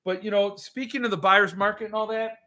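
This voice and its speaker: Guy on a livestream ranting about books, snarky, bright voice, kinda high. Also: steady tone, fairly quick. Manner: ranting, sarcastic, reads and answers chat comments. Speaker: podcast host. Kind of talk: casual livestream chat.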